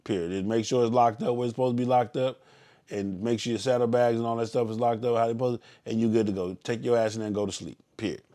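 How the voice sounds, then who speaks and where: A fast-talking Southern US man with a mid-range voice and fairly even intonation briefs riders as he leads a motorcycle club ride on a casual live stream. Blunt and preachy, he now and then bursts into loud yelling.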